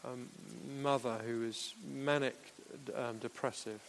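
A man's voice: mid-range voice, steady tone, unhurried, vocal fry, slight background noise. A man preaching a sermon in an earnest, conversational way, with playful asides. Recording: echoey hall.

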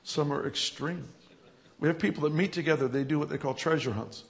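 Gravelly-voiced man telling church testimonies. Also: fairly high pitch, brisk. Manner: storytelling, chuckling, grows animated and loud. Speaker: church leader. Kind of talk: telling healing testimonies in an interview.

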